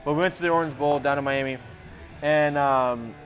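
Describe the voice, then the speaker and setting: Podcast co-host, man, slightly high voice, profane joking storyteller, faint music under. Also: fairly even intonation, moderate pace. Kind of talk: casual sports banter.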